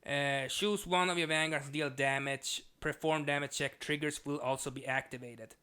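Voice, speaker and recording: A man reviewing trading cards in a casual, enthusiastic way, reading card text aloud slowly with frequent restarts. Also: on the high side, fairly even intonation, bright, forceful tone, clean tone.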